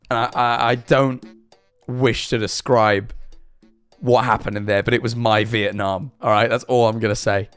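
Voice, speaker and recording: A man's voice: mid-range voice, a bit bright, dry recording. Young male streamer with a sore throat, rambling and self-mocking, dry close mic, faint music behind. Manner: rambling, self-deprecating, frequent restarts and "all right?". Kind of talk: casual storytelling to chat.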